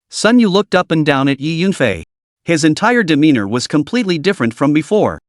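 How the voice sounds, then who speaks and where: A man narrating a comic recap, his voice slightly high and moving lively across its range. The sound is dry and close, with no room around it. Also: brisk, no room sound.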